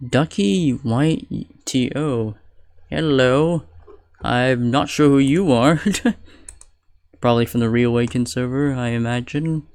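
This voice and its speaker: A man streaming a video game, chatting casually with viewers in a relaxed, laughing way. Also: mid-range voice, slow. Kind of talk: casual live-stream commentary.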